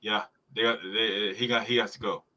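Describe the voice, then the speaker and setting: Bright-voiced man ranting about football. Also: lowish voice, steady tone, normal speed. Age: adult parent. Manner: profane, heated sports rant. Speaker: podcast host. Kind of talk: live football reaction chat.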